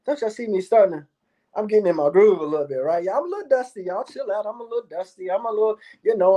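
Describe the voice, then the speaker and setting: A man's voice: high-pitched, quick pace, mellow. A man delivering a profane, boastful monologue to his viewers as a YouTube commentator, repeating himself and cursing often. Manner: boastful, repetitive, swears a lot.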